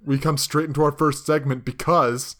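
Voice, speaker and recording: A man's voice: fairly high pitch, fairly even intonation, a bit bright. Jokey young man co-hosting a podcast. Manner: jokey, riffs with quick asides. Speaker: podcast co-host. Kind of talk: casual chat.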